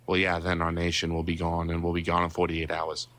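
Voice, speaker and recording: A man in his twenties calling into a live stream, speaking in a halting, defensive way. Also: deep voice, monotone, fairly bright tone. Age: 20s. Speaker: caller. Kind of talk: casual call-in chat.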